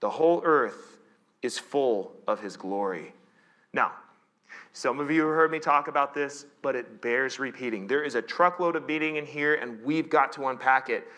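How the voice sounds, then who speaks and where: A man's voice: a little high, bright, forceful tone. A male pastor preaching a conversational sermon in church, with playful asides and frequent self-corrections.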